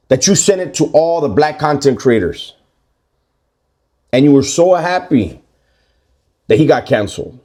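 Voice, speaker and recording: A man's voice: on the high side, mellow. A middle-aged man, talking bluntly and confrontationally in a casual monologue. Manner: blunt, confrontational street talk. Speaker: commentator.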